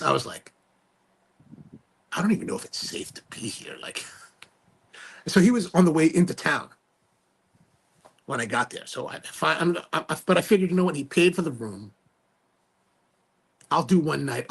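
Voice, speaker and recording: A man hosting a podcast tells a rambling story in casual slang, stumbling and restarting as he goes. His voice sits a touch high and swings up and down with each twist. It has a gravelly, slightly husky edge. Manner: animated, restarts and repeats, slangy. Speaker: podcast host.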